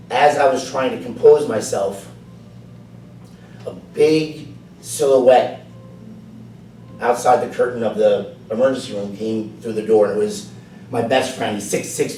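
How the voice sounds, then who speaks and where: A man delivers a prepared personal story to a club audience, dropping his voice low and then rising to emphatic points. He is heard from across an echoey meeting room, with a faint hiss underneath. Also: dark tone, far from the mic. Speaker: club speaker. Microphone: far camera.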